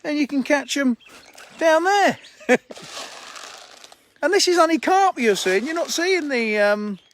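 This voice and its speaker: High-voiced man chatting by a lake. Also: animated, unhurried, a bit bright, slight background noise. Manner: chatty, laughing, blunt and informal. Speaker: fishery owner. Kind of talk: live-streamed lakeside walk and chat. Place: outdoors by a fishing lake. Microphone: handheld phone.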